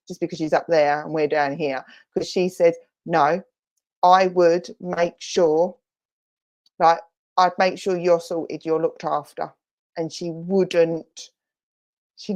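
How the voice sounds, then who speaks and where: A woman works as a spiritualist medium, giving a clairvoyant reading at a streamed church service. Her voice sits at a middle pitch, and she talks in a chatty, reassuring way, often calling the listener "my lovely". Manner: warm, chatty, reassuring, relays messages in spirit's voice. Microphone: online church service stream.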